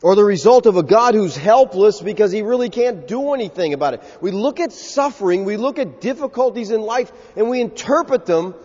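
A pastor preaching a sermon, telling stories with animation and acting out the voices of the people in them. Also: male voice, sits high, fairly quick, hardly any pauses, slightly rough. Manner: animated storytelling, acts out quoted voices. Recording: dull lo-fi sound with long hall reverb.

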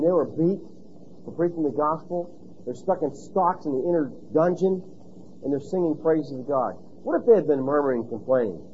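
A man's voice: on the high side, dull audio, a little hiss or hum. A male pastor preaching a sermon emphatically, stressing key points and asking rhetorical questions.

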